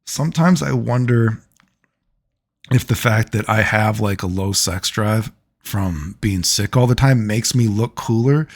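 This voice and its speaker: A man vlogging, telling personal stories in a loose, rambling way, full of fillers and frequent laughter. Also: fairly low pitch. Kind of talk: casual rambling storytelling.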